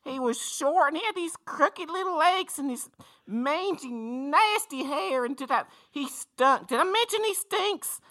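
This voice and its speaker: Terrence, a squeaky Kentucky caller. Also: male voice, animated, unhurried, sharp tone, heavily acted. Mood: excited. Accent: Kentucky, put on. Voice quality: very high, squeaky, breathless twang. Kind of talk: comedy call-in sketch.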